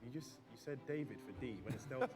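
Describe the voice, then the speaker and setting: A man's voice: mid-range voice, fast, a little mellow, faint music behind. A man co-hosting, bluntly quizzing a contestant.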